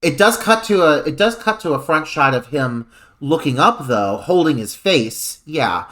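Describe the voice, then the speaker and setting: A man's voice: a little high, expressive, a little slow, pushed and bright. Podcast guy, sarcastic, swears, voice goes way up and down. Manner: sarcastic and wry, swears freely. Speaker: podcast co-host. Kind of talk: casual film discussion.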